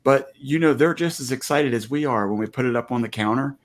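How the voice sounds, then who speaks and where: Brief: American homesteading dad, earnest and reflective, mid-pitched. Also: male voice, brisk. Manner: earnest, reflective, faith-minded talk. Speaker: guest homesteader. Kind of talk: casual chat.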